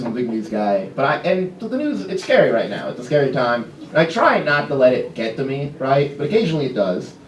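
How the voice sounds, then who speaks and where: A man's voice: mid-range voice, muffled recording, background noise. Young man doing stand-up in a club. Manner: self-deprecating, quick asides and stumbling restarts. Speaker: stand-up comedian. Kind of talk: stand-up routine. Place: comedy club stage. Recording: roomy club from a distance. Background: audience laughter.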